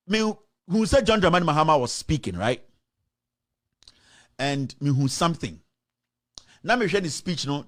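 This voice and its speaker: Ghanaian man, show host, indignant rants, higher-pitched voice that swings widely. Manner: impassioned, indignant ranting; switches between English and Twi. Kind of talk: political commentary.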